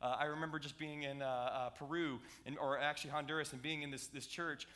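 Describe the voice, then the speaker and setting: Middle-aged male pastor, slightly high bright voice, playful animated sermon delivery in a church. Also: brisk. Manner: animated, playful, jokey preaching with audience asides. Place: church sanctuary.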